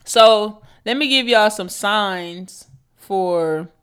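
A candid podcast co-host speaking at a middling pitch. The talk is loose and conversational, full of stories and easy swearing. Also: extremely slow, fairly bright tone, clear, resonant tone. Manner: candid, profane, storytelling. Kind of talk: casual chat.

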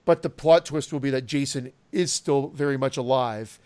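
A man's voice: medium pitch, normal speed, a little mellow, smooth. A man co-hosting a podcast in casual chat, rambling loosely and laughing between thoughts. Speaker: podcast co-host.

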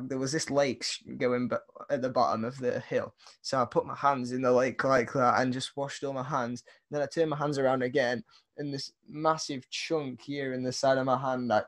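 Young British man telling a story. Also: mid-range voice. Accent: British English. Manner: rambling, animated, laughing through the story. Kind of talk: casual storytelling chat.

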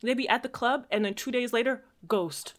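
A woman's voice: a little high, moderate pace. A woman in casual chat, telling stories and acting out quotes in big voices. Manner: animated storytelling, acts out quotes in big voices.

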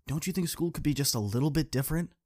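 A man's voice: quick pace, a little mellow. A man, a student coach and podcast host, tells a story in an earnest, direct way and speaks straight to his listeners. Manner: acts out quoted people with shifts in pitch. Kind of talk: casual podcast monologue telling a story.

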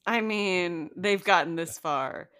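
A woman co-hosting a casual podcast, talking in an animated, playful and emphatic way. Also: lowish voice, takes it slowly. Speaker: podcast co-host. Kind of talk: casual chat.

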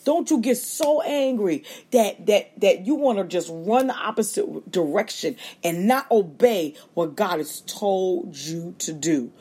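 A woman preaching a sermon on a livestream with fervent call-and-response delivery and quick acted-out asides, speaking. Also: medium pitch, animated, dark tone, breathy edge. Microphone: livestream feed.

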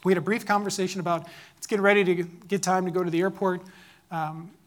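A man in his thirties telling a personal story, growing loud and urgent as it builds. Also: high-pitched, little pitch movement, quick pace.

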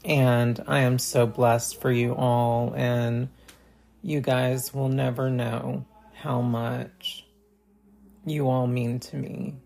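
Slow, gravelly-voiced woman vlogger. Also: rumbling low, level tone, warm tone. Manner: slow, halting, with many pauses and fillers. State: choked up. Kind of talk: heartfelt holiday message to viewers.

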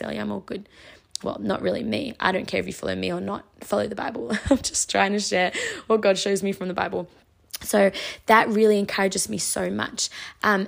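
A woman giving an excited, casual devotional talk at home, reading scripture aloud and gushing over it. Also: mid-range voice, gravelly. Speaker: Christian mom vlogger teaching the Bible. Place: home kitchen.

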